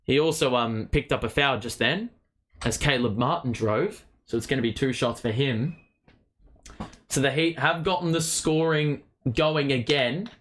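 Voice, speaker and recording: A man's voice: mid-range voice, unhurried. A man hosting a fan watchalong, calling the game play by play, partisan and swearing freely. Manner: partisan, swears, rises to shouts on big plays. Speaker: host of a fan watchalong stream.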